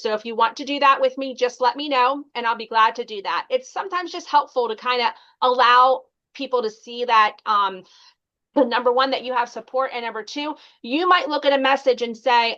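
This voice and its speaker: A woman's voice: on the high side, moderate pace, a bit bright, highs cut off. A woman leading a casual sales training call, chatty and encouraging, with frequent ums and likes. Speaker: sales team leader training consultants.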